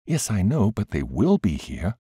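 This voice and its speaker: A man's voice: fairly low pitch, wildly swooping pitch, normal speed, dark tone, slightly rough, no room sound, studio quality, pitched above the performer's own voice, full character voice. A man voicing a frail, ailing woman who speaks earnestly and pleads with tenderness. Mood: pleading.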